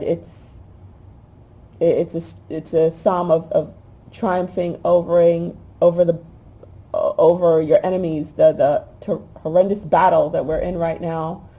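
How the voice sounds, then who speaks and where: Woman host, spiritual talk and prayer reading, slow and emotional, low mellow voice. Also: poor audio. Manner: emotional, halting, with restarts.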